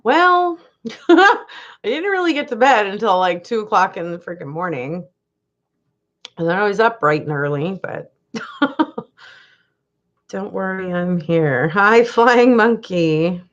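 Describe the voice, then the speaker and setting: Female livestream host, casual chat with viewers, animated delivery, muffled stream audio. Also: medium pitch, slow, pauses often. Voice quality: laughs often, chatty and animated. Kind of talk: casual live chat reading comments.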